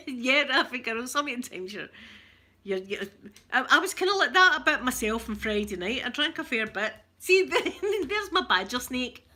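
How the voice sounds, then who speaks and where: Chatty Scottish woman, bright laughing voice. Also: sits high, sing-song, measured pace. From Scotland. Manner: chatty, laughs often, jokes with viewers; broad, rough-edged local speech. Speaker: ASMR livestream host. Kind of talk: casual chat.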